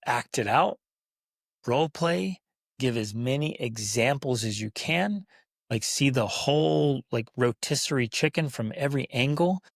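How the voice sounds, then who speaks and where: A man's voice: mid-range voice, measured pace, gravelly, no echo, studio quality. A man hosting a parenting podcast, chatting casually and acting out the kids and parents he quotes. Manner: acts out quoted kids and parents in lively voices. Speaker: podcast host.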